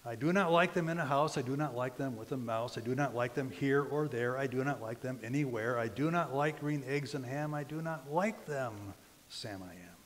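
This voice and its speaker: A man's voice: medium pitch, moderate pace, a little hiss or hum, natural voice. A stubborn, grumpy character who turns down a strange dish again and again, as a preacher reads him aloud. The man's lines bounce along in a sing-song rhyme, and his voice rings out in a church hall with a long reverb. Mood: stubborn refusal. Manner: sing-song rhyming recitation. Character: stubborn grumpy man refusing food.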